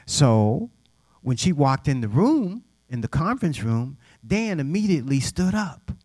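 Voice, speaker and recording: A man's voice: a little high, measured pace, no room sound, studio quality. A middle-aged man mentoring young people, telling stories to an audience in a direct, plainspoken way and acting out the voices of the people he quotes. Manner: animated storyteller who acts out quoted voices; direct, plainspoken, informal grammar. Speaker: youth mentor. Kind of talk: personal storytelling to an audience.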